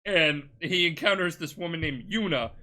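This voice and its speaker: A man's voice: fairly high pitch, normal speed, pushed and bright. A tipsy man hosting a casual podcast, rambling, swearing and giggling as he retells a game plot. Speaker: podcast host.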